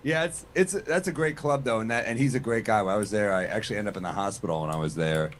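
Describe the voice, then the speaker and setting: A stand-up comedian in podcast banter who talks in a laid-back, profane way and laughs easily. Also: male voice, fairly low pitch, quick pace, a little hiss or hum.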